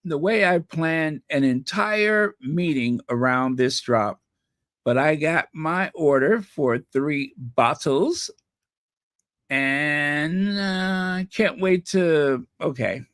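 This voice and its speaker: On his live stream, a male channel host talks slowly in a fairly bright, high-leaning voice with lively intonation. His chatter is rambling and playful, full of repeated words as he tries out how they should be said, and the sound is clean studio audio without any room sound.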